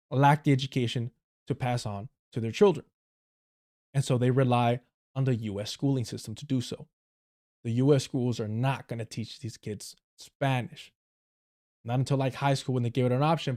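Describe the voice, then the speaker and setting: A livestream host from Southern California, United States, talks in a medium-pitched voice with a darkish tone and a local accent. He's blunt and crude, swearing often and tossing in laughing side remarks as he comments casually.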